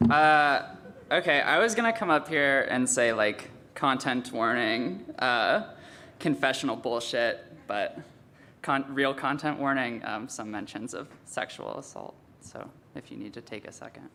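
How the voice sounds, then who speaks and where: A man's voice: mid-range voice, lively intonation, moderate pace, creaky, pushed and bright, slight background noise. A young man, a student poet, reading his poems aloud at a live reading after a candid, offhand introduction.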